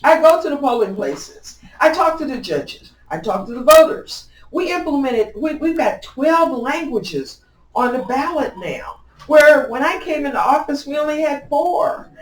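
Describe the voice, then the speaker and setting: A woman's voice: unhurried, slight background noise. A middle-aged woman from Illinois answering interview questions as a county clerk, emphatic and upbeat, often restarting her sentences. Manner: emphatic and upbeat, with lively swings in pitch and loudness and frequent restarts. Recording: echoey room, mic at a distance.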